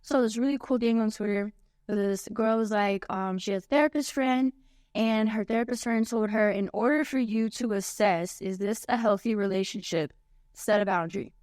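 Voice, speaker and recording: A woman's voice: medium pitch, moderate pace, darkish tone, clear, resonant tone, no room sound, clean studio sound. A woman guest on a podcast, talking in a frank, emphatic way with slangy asides. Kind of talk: casual podcast chat.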